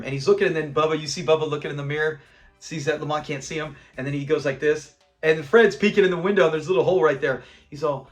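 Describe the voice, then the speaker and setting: A man hosts a sitcom review channel, casually and animatedly retelling an episode's scenes and acting out characters' lines. His voice is high-pitched and fast.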